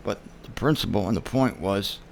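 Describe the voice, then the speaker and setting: A man's voice: lowish voice, normal speed, creaky. A man hosting his own show, telling a story in an emphatic monologue and acting out the people he quotes. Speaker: show host. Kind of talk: casual monologue.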